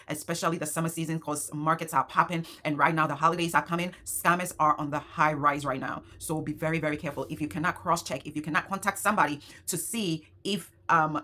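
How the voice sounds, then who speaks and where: Low-voiced woman telling an emotional story. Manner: emotional, animated retelling with quoted dialogue. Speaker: small business owner and market vendor. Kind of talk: casual storytelling vlog.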